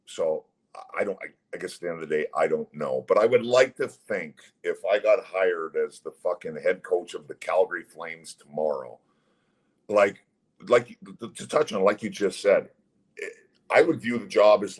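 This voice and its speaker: A middle-aged former hockey player speaks in a deep voice with a rough, husky edge. He talks bluntly and swears freely as he recounts grievances in a casual interview. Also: normal speed. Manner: blunt, profane, heated storytelling.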